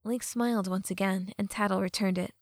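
A woman narrating a fantasy audiobook in a measured, expressive storytelling manner. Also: mid-range voice, no room sound. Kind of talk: scripted narration. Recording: dry close mic with faint music.

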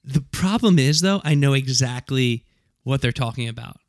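A man's voice: mid-range voice, lively intonation, moderate pace, no room sound, studio quality. A man co-hosting a podcast, rambling and hesitant in casual chat. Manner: rambling, hesitant, lots of restarts and laughs. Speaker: podcast co-host.

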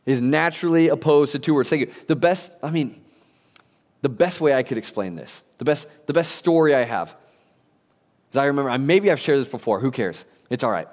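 A young man delivers a sermon from the pulpit, his medium-pitched voice carrying a long reverb through the church hall. He preaches in a lively, storytelling way, dropping casual slang as he goes. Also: brisk. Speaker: pastor. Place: church sanctuary.

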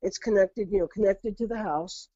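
Woman, middle-aged, earnest storyteller, mellow dark voice, dull lo-fi sound. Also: mid-range voice, normal speed, dry recording. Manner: earnest, repeats words, acts out her own reactions. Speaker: guest telling her own encounters. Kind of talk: casual storytelling interview. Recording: dull lo-fi audio.

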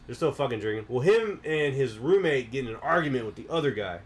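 A man's voice: mid-range voice, sing-song, fast talker. A young man hosting a podcast, telling rambling stories in casual, profane chat. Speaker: podcast host.

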